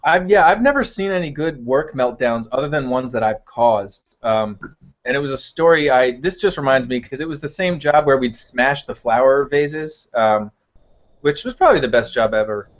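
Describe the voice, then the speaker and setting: A man's voice: medium pitch, animated, moderate pace. A young man co-hosting a podcast, telling a story in a laid-back way with casual swearing. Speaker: podcast co-host. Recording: dull lo-fi podcast audio.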